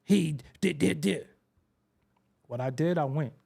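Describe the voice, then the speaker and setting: Man, fairly high voice, casual commentary, streetwise slang, repeats himself for emphasis. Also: slow, gravelly, a little mellow, slightly rough. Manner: streetwise, repetitive storytelling with emphatic asides; frequent profanity and slang. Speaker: hip-hop show host.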